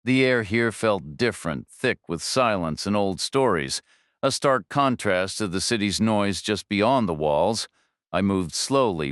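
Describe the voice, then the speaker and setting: A man narrates a first-person thriller audiobook in a measured, low-key, dry manner. His voice sits low and sounds smooth and resonant. The recording is close and dry. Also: dry recording.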